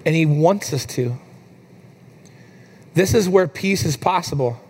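A man in his thirties preaching a sermon, telling a family story in a relaxed, conversational way with fillers, his voice climbing higher when he gets emotional. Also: unhurried, husky. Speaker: pastor.

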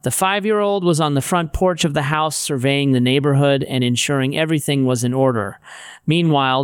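A middle-aged man reading aloud from his Christian teaching book, plainspoken and wry in a steady teaching tone. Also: medium pitch, clear, resonant tone, no room sound, clean studio sound. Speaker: author.

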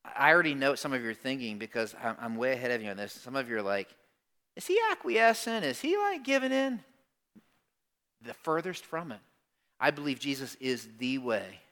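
Bright-voiced preacher, hushed then booming. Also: male voice, quick pace. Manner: conversational preaching, swings from hushed to loud emphatic bursts. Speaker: pastor. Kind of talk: sermon. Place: church service before a congregation.

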